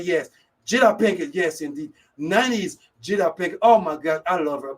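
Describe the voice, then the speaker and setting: A man with a high voice hosts a live radio talk show, upbeat and energetic as he talks to his listeners. He keeps coming back to the same catchphrase. He sounds like he is sitting back from the microphone. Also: far from the mic, poor audio. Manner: energetic, keeps repeating "yes, indeed".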